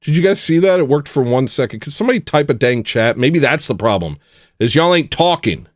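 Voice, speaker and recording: A man's voice: mid-range voice, animated, a little fast, no room sound, clean studio sound. A man hosting a casual livestream, rambling and joking as he answers his chat. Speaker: livestream host. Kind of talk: casual livestream chat, reading viewer messages.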